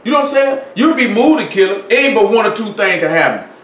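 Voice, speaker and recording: A man's voice: sits high, animated, fast talker, fairly bright tone, a little hiss or hum. A man preaching a sermon in a casual, conversational way, asking his listeners rhetorical questions and reading scripture aloud. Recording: echoey room, mic at a distance.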